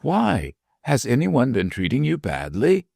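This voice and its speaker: A man voicing a tiny, shrewd and mischievous old woman dwarf with a shrill, teasing manner in a storybook reading. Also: wildly swooping pitch, unhurried, gravelly, slightly rough, no room sound, clean studio sound, exaggerated voice. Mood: teasing, sharp. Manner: sharp, teasing, whimsical.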